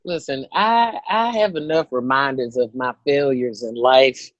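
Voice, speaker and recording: A woman in her thirties, a comedian telling a story, animated and profane, acting out the voices of people in it. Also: a bass voice, unhurried, no echo, dull audio. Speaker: comedian guest. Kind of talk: comic storytelling.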